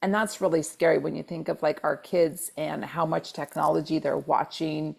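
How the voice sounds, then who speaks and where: A middle-aged woman tells a personal story as a podcast co-host. Her low voice has a gravelly, fry-edged texture. She is animated and acts out what people said. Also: moderate pace. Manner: animated, acts out quoted dialogue with repeated exclamations. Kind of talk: casual storytelling chat.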